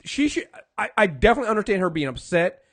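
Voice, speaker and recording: Male podcast co-host, high lively voice, rants and acts out quotes. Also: fast. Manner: animated, rants with acted-out quotes of characters. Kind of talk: casual chat reviewing a TV show.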